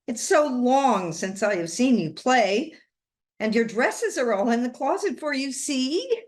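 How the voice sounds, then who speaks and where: A woman's voice: fairly high pitch, big pitch swings, a little slow, pitched above the performer's own voice. Woman voicing a wild, grieving older woman. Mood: feverish. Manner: passionate, entreating, a little wild. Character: grieving, unhinged older woman, clinging and cunning. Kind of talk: storybook reading.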